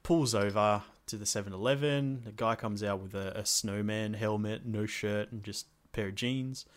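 A male podcast co-host, retelling a game session in casual chat with lively acted quotes. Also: fairly low pitch, normal speed.

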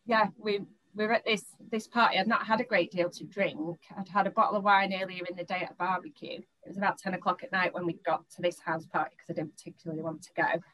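A woman's voice: lowish voice, fairly even intonation, fast, hardly any pauses, a bit bright, low-quality recording. A young woman, recounting a personal experience in an interview, often stopping, restarting and repeating words.

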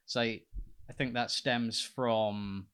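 A Scottish man in his twenties, a podcast guest in casual chat, talking in a dry, halting, self-mocking way. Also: medium pitch, steady tone, a bit bright, clear, resonant tone. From Scotland. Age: 20s.

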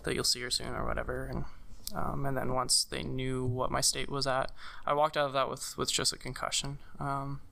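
A young man telling a personal story in casual conversation, halting, with many fillers and restarts. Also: mid-range voice, little pitch movement, gravelly, sharp tone. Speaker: guest sharing a personal story.

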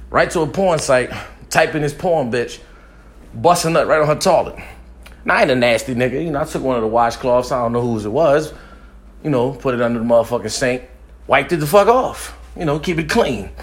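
A young man telling a crude, boastful comic story, profane and often laughing as he talks. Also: mid-range voice.

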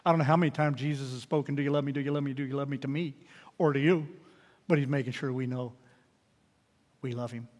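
A man preaching a sermon, animated and swinging from loud declarations to hushed, intimate pleas. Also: medium pitch, fast, long pauses, big-room sound. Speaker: pastor.

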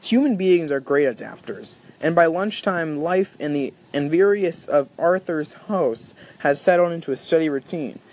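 A man reading a novel aloud in a steady storytelling manner. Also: fairly high pitch, unhurried, hardly any pauses. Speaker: audiobook reader. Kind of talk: audiobook narration.

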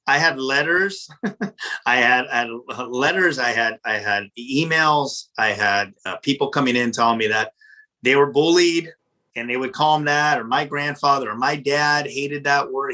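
A restaurant owner telling a story in his office, animated and profane, often repeating words when he gets worked up. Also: mid-range voice, moderate pace. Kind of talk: casual storytelling in an interview.

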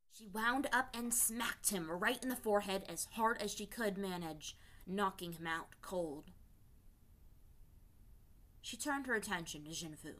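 A woman reading fan fiction aloud in a steady storytelling voice. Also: medium pitch. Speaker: reader.

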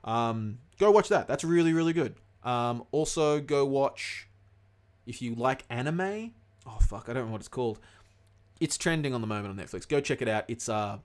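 A young man co-hosting a casual podcast, rambling, swearing freely and losing track of names. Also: medium pitch. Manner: rambling, swears a lot, loses his words. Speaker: podcast co-host.

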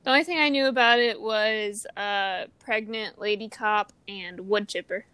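A woman's voice: mid-range voice, steady tone, moderate pace, sharp tone, clear, resonant tone. A woman co-hosting a podcast, playful and teasing in casual chat. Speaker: podcast co-host.

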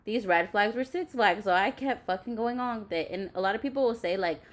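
A young woman who hosts a podcast tells a personal story bluntly in a candid storytelling chat, swearing a lot and using plenty of fillers. Her voice is medium-pitched and fairly quick.

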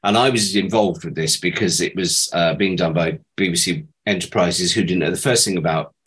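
A man's voice: sits low, moderate pace, a bit bright, low-quality recording. A middle-aged man, a former child actor, telling amused anecdotes about his acting days in a chatty interview.

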